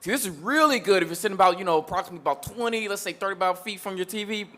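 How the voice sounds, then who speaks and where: A man's voice: sits high, racing, a bit bright. A man voicing an overly friendly store salesman with eager, rambling sales patter.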